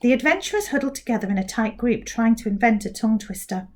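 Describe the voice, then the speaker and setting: A woman teacher reading a children's book aloud, slow and clear. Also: a little high, animated, darkish tone.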